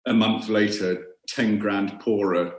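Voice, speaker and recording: A man's voice: fairly low pitch, fairly even intonation, slow pace. A middle-aged British man, a guest actor, chatting casually in a wry, self-deprecating way. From Britain. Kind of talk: casual podcast chat. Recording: roomy echo.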